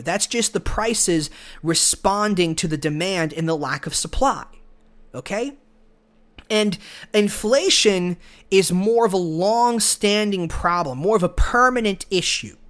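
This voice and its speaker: A man's voice: high voice, animated, unhurried, fairly bright tone. A man hosting a solo podcast, giving opinionated, argumentative commentary straight to the listener. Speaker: podcast host.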